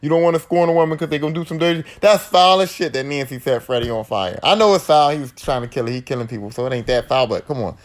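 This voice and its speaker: A man's voice: a little high, fast talker, few pauses. A man hosting a podcast, recapping a horror film in a casual, profane monologue and acting out the characters' lines. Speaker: podcast host.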